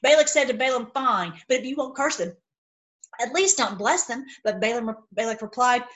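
A woman's voice: on the high side, animated, moderate pace, fairly bright tone, low-quality recording. A woman reading Bible passages aloud and breaking off into fervent, rambling commentary. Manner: fervent, rambling asides, says y'all. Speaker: online Bible teacher.

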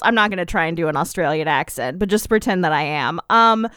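A woman's voice: lowish voice, sing-song, brisk, a bit bright, slight background noise. A young adult woman hosting a podcast, chatting casually and animatedly with lots of fillers and laughs. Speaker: podcast host. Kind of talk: casual chat.

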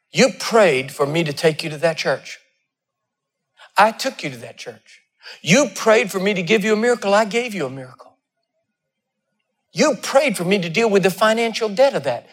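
Preacher with a high voice. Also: male voice, fairly bright tone. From Texas. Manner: storytelling, acting out dialogue with wide swings in pitch. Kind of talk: sermon.

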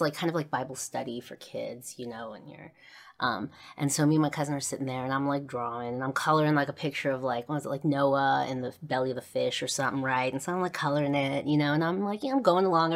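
A woman with a low voice tells a personal story as a podcast host. She rambles, circles back and fills pauses with ums and likes. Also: fairly even intonation. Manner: rambling, many fillers and restarts.

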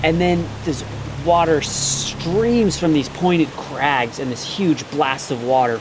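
Casting: measured male game master, unhurried storytelling, constant hiss in the background. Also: a little high. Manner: slow, descriptive storytelling. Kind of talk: narrating a tabletop game.

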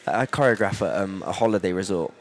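A young man hosting a podcast, telling stories in a relaxed, casual way and swearing freely. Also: deep voice, quick pace. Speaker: podcast host.

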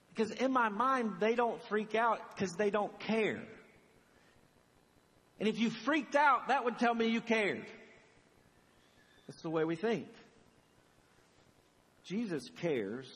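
A man's voice: sits high, husky, big-room sound. A middle-aged man preaching a sermon as pastor, telling stories animatedly and acting out the dialogue. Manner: animated storytelling, acts out dialogue.

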